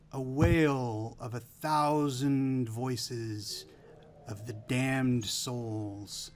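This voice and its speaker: A man narrating as game master in a tabletop game, telling the scene with relaxed pauses and fillers. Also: medium pitch, a little hiss or hum.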